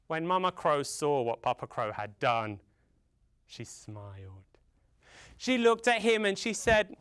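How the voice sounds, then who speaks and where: A man telling a folktale to children in a theatrical way, with dramatic pauses and sound effects. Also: a little high, sing-song, fairly bright tone, clear, resonant tone, no room sound. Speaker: storyteller.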